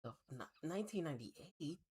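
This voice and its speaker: A streamer reacts to clips with loose, rambling commentary full of swearing. The voice sits at a middling pitch, and the delivery is casual and unpolished. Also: expressive, fairly quick, darkish tone, husky.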